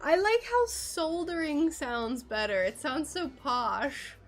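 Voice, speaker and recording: A woman's voice: high-pitched, sing-song, slow, fairly bright tone. A woman with an American accent chatting casually to viewers while doing stained glass on a livestream, giggly and full of fillers.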